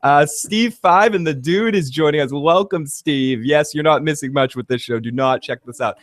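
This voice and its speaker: A man's voice: on the high side, moderate pace, no room sound. A man hosting a casual TV review chat, giving blunt, profane opinions. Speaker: podcast host.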